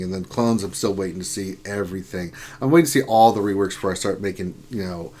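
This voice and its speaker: A man's voice: on the low side, quick pace, hardly any pauses, a little hiss or hum. A man hosting a casual gaming livestream, joking around, laughing often and reading out viewer comments. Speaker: livestream host reading chat.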